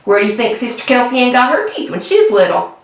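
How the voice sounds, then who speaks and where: A woman's voice: fairly high pitch, very animated, fast, slight background noise. A woman voicing an ornery, teasing little country boy in a storybook read-aloud, with a sly, know-it-all manner. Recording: echoey room, distant mic.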